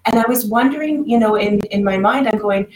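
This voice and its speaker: A woman speaks in a fairly high pitch and a little fast as a guest on a podcast, where she's interviewed about her life as a coach working with clients. She tells personal stories conversationally, with many restarts and acted-out quoted voices. The room is echoey and the recording rough.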